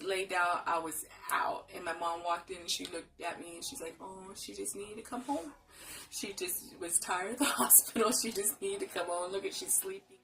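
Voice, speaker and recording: Chatty woman telling her story, soft music behind. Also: on the low side, recorded from a distance, rough recording. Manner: chatty, retells scenes with quoted dialogue. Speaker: vlogger. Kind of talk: casual storytelling vlog.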